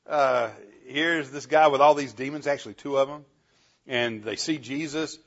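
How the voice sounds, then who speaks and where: A man teaching a Bible class, animated, asking the class questions and chuckling often, on a dull lo-fi recording. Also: medium pitch, moderate pace.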